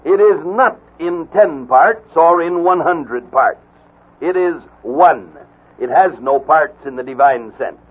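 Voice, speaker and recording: Male radio preacher with a husky, slightly high voice, slow and deliberate, phone-thin broadcast quality. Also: animated, narrow, tinny audio. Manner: slow, deliberate, emphatic reading of scripture. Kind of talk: radio Bible teaching.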